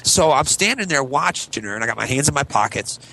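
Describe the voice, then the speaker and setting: A man in his thirties telling stories in a casual podcast chat, lively when he quotes people. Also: mid-range voice, a little fast, gravelly, slight background noise, low-quality recording. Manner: animated, does loud voices when quoting people. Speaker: podcast co-host, father.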